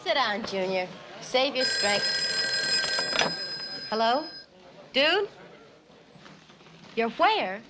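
An actress playing a weary, worldly nightclub owner with a drawling manner in a 1960s film. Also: female voice, a little high, big pitch swings, very slow, pauses often, heavy background noise, exaggerated voice.

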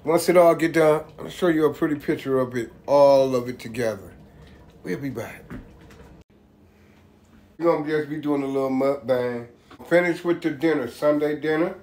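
A man with a voice on the high side and a darkish tone talks at normal speed, leaving long pauses. He casually shows his home cooking to viewers, addressing them as "y'all" in a laid-back vlog. It's recorded in a roomy home kitchen with faint ambience.

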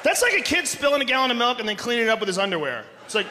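A man doing live stand-up comedy, ranting loudly and animatedly with lots of profanity. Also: very high-pitched, big pitch swings, racing, a crowd in the background. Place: large theater stage. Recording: echoey hall with audience noise.

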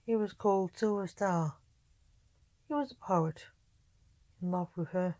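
A woman reading her own story aloud in measured storybook narration. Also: on the low side, warm tone, no echo.

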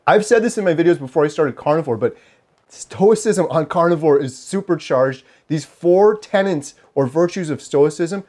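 A man in his forties talks straight to camera in a casual vlog, his voice sitting a little high. He is earnest and preachy, pushing his point with motivational repetition. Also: expressive, normal speed, darkish tone. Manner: repeats himself for emphasis. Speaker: lifestyle vlogger.

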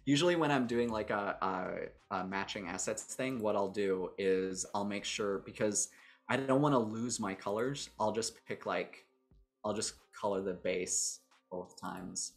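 A man's voice: on the low side, a little slow, soft background music. A man hosting a livestream, chatting casually and thinking aloud with a jokey, self-mocking manner as he shows off a character builder. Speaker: host demonstrating a character builder.

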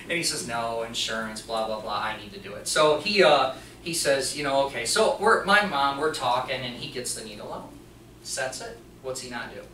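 A mechanics teacher giving an animated storytelling talk to an audience, acting out the other people in the story. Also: medium pitch, moderate pace, slight background noise. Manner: animated, acts out the dialogue of others. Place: presentation room before an audience. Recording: echoey room, voice from a distance.

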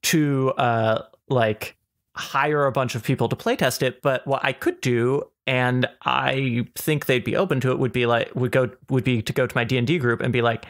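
A man talks through his point on a casual podcast, stopping and starting as he works it out. His pitch sits in the middle of the usual range for a man. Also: fairly even intonation, a bit bright. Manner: halting, thinks aloud with many restarts. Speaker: podcast co-host.

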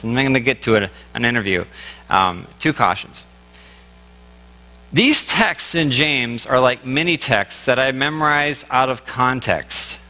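Lively pastor man in a reverberant hall. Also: fairly high pitch. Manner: conversational and animated, with asides and quick restarts. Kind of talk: sermon. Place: church sanctuary. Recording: long church hall reverb.

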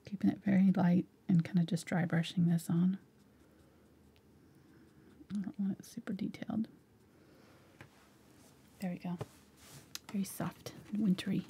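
A woman in her forties teaching a live painting tutorial, chatting softly and casually as she paints in her studio. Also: lowish voice, measured pace, long pauses, slight background noise. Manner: relaxed, chatty, talks softly while painting. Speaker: painting instructor.

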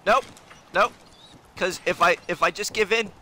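A man's voice: high voice, measured pace, sharp tone, a little hiss or hum. A young man streaming a game in character, talking in a manic, rambling, self-mocking way. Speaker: gaming streamer. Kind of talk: in-character let's play commentary.

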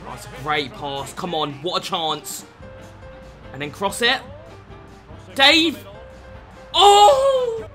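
Brief: male streamer, slightly high, bright voice, sweary and animated. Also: unhurried, faint music behind. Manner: excitable, swearing, addresses viewers as lads. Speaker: football video game streamer. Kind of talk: gameplay commentary.

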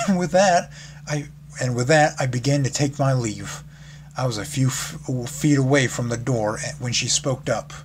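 A man with a medium-pitched voice reads a fan fiction story aloud at normal speed, casually, with small slips, restarts, and laughs. Background noise is audible in the recording.

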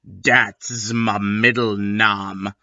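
A man voicing a brooding young goth dark lord, speaking in a low secretive murmur. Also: flat delivery, extremely slow, dry recording, dull audio, full character voice.

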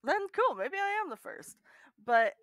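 A woman guest on a podcast, chatting in an animated way with lots of fillers. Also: very high-pitched, a little slow, no room sound. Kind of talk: casual podcast chat.

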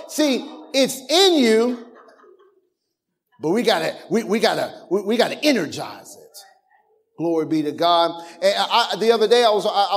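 A man with a high-pitched voice preaches a lively sermon. He repeats phrases, restarts his sentences and gets his listeners to say lines back to him. Now and then he breaks into laughter or raises his voice to a shout. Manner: animated preaching with call-and-response, laughter and shouts; informal speech, restarts and repetitions. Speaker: pastor.

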